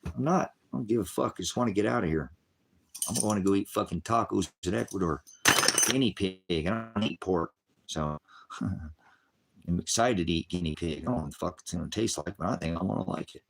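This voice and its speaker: A middle-aged man rambling on a live stream, frustrated and profane, swinging from angry outbursts to low, weary muttering. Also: a little fast, gravelly, a little hiss or hum.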